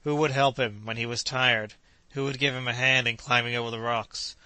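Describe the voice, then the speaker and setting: A cheerful, devoted young manservant, read by a man with a bright, smooth tone. He speaks with eager conviction, close and dry with no room around him. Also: mid-range voice, steady tone, a little fast, no room sound.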